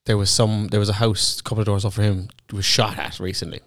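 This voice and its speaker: A man's voice: on the low side, little pitch movement, fast talker, a bit bright, no echo. A young man from Cork's north side with a local accent, co-hosting a podcast with dry, sweary wit. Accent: Cork north side. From north side of Cork. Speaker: podcast co-host. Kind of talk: casual chat.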